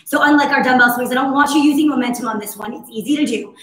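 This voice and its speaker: A woman fitness instructor with a hoarse, husky voice, cueing breaths and moves in a casual, encouraging live workout class. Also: sits high, fast, a bit bright. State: hoarse from overuse. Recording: very echoey room.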